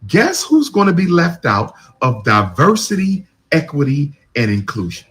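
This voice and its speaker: A man's voice: a little high, huge pitch swings, measured pace, few pauses, a bit bright, husky. A man giving a repetitive, preachy political rant full of rhetorical questions.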